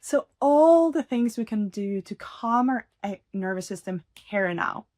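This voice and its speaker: A woman's voice: fairly high pitch, expressive, a little slow, darkish tone, no echo. Encouraging woman podcaster, dry close sound. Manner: earnest, encouraging, laughs often, many fillers. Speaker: podcast host. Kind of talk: casual solo podcast talk.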